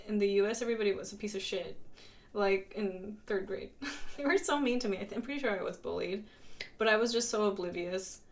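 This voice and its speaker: A young woman from Mexico chatting casually on a live stream, giggly and full of "like" fillers, switching between English and Spanish. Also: medium pitch.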